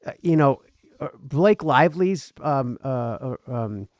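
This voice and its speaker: A man's voice: medium pitch, animated, a little slow, darkish tone, no room sound, clean studio sound. Rambling, opinionated podcast co-host man. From Northeast US. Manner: rambling, many fillers and restarts, opinionated. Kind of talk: casual banter.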